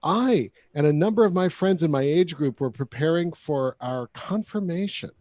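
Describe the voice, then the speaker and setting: A man with a slightly high voice reads a listener's letter aloud with a joking, drawn-out delivery. He is recorded close and dry, with no room sound. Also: animated, darkish tone, no echo. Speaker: podcast co-host reading a listener letter. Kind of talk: casual comedic chat, reading a letter aloud.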